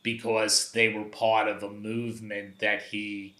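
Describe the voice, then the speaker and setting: An older man from Brooklyn, sitting as a guest and spinning personal stories with animated energy. His voice sits fairly low and comes through forceful and bright. The room adds a noticeable echo around him. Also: unhurried. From Brooklyn, New York. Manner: animated anecdotal storyteller, acts out quoted voices. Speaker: guest, documentary photographer. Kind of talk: conversational storytelling. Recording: roomy echo.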